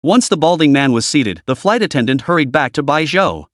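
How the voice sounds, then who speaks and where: A man reading a web-novel story aloud in a steady narration style. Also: fairly high pitch, a little fast, dry recording, studio quality. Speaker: audiobook narrator. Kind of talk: scripted narration.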